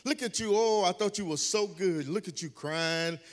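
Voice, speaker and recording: A man's voice: sits high, normal speed, natural voice. A man voicing the devil, taunting a crying believer in repetitive jeers during a sermon. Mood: mocking. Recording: church hall reverb with music.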